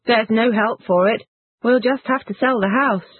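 A woman's voice: a little high, moderate pace, slightly rough, no echo. A woman reading English example sentences for a phrase lesson. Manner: reads short example phrases, lively intonation. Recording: tinny phone-like band, dry.

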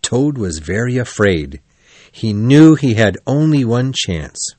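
A man reading a children's storybook aloud as narrator, in an even, clear storytelling delivery. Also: mid-range voice, slow pace, no echo.

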